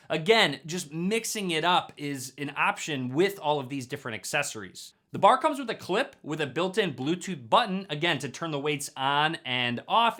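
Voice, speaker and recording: A young man presenting a home product review vlog in an upbeat, clear presenter manner, recorded in a room at home. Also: on the high side, sharp tone. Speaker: tech reviewer. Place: home room with a wall-mounted gym.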